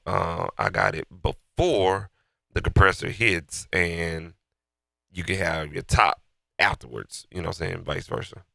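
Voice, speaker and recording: A very low, heavily gravelly man with a bright, forceful edge talks loosely and in slang through a mixing session, his nose stuffy from a cold. The sound is dry and close, with faint music underneath. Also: no echo. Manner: loose and slangy, talking to himself while working. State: stuffy-nosed from being sick. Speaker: beat maker walking through a mix. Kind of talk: casual mixing tutorial.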